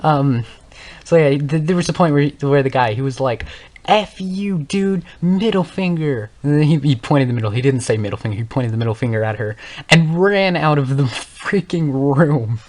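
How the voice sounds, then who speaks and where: A man's voice: medium pitch, brisk, a little mellow. Rambling teenage boy telling a story. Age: young teens. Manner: rambling, self-correcting, laughs often. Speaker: gaming channel host. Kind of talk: casual storytelling monologue.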